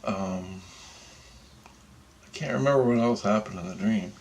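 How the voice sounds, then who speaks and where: A man casually telling a vlog story, animated and full of swearing. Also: fairly low pitch, measured pace, slight background noise. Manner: profane, animated retelling of a dream. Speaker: vlogger.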